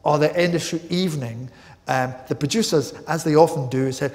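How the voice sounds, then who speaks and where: A male actor telling anecdotes as a guest at a live interview, lively and self-deprecating, often mimicking others. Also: a little high, brisk, big-room sound.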